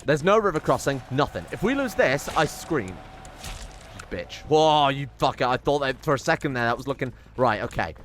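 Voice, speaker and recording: A young man commenting on his strategy game, excitable and sweary, muttering to himself as he plays. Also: medium pitch, normal speed, slight background noise. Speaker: gaming channel host. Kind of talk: let's play commentary.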